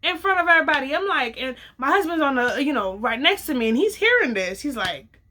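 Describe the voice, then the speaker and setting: Bright-voiced woman telling a story. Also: high voice, fairly quick. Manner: animated, acts out quoted dialogue, casual slang. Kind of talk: casual storytime.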